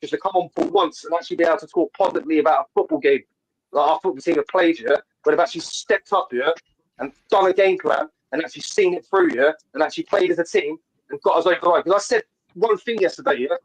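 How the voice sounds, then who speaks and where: A man's voice: fairly high pitch, fast talker, poor audio. A man calling in to a fan show over a video call, talking passionately about football in a casual way with many restarts. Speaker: caller.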